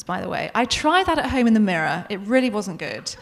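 A woman's voice: medium pitch, big pitch swings, fairly quick, gravelly. A British woman author in her forties, chatting in a self-deprecating way at a book event and reading from her novel.

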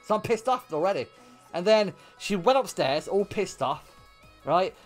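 A young man livestreaming, telling a story to his chat in an animated way with lots of swearing and bursts of laughter. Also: high voice, moderate pace, faint music behind. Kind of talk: casual storytelling to stream chat.

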